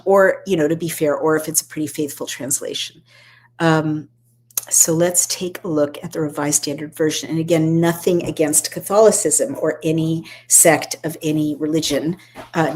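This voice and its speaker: A woman hosting a live-streamed scripture reading. She reads Hebrew phrases aloud, translates each one, and often pauses with ums and corrects herself as she talks to her viewers. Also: sits low, darkish tone. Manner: talks straight to a live audience. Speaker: host reading and explaining scripture.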